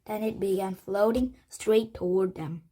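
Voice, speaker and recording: A woman reading a children's chapter book aloud, halting with frequent restarts and slips. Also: medium pitch, dark tone, breathy edge, poor audio. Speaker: storybook reader.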